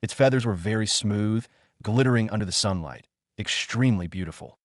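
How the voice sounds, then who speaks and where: A man reading a fantasy story aloud in an even, steady narration, lifting his voice slightly for the characters. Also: lowish voice, a little fast, dry recording, clean studio sound.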